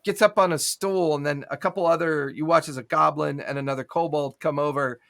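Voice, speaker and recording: A man's voice: a little high, fairly even intonation, fairly quick, creaky, a bit bright. Upbeat man running a tabletop game. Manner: enthusiastic, laughs often. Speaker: game master.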